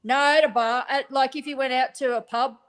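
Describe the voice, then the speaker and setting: A woman chatting casually, relaxed and trailing off with fillers. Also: high voice, fairly quick, rough recording. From Australia. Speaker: guest in a chat. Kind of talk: casual chat.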